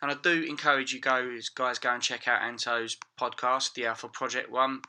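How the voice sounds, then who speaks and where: A man's voice: medium pitch, level tone, moderate pace, bright, forceful tone. A man co-hosting a podcast, jokey and teasing in casual chat, also reading the sign-off. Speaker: podcast co-host.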